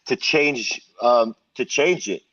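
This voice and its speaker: A man's voice: medium pitch, slow, dry recording. A middle-aged man spinning a casual, profane story as a podcast guest. He often restarts his lines, and the sound is dull and dry, a little distant from the microphone. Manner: animated, profane, full of restarts.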